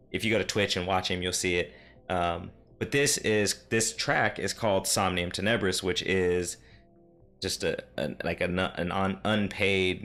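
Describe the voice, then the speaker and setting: A man's voice: low voice, fairly bright tone. A man who is a dungeon master, rambling casually about his last game session, full of fillers and self-deprecating asides. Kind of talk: casual solo recap talk. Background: faint synth music.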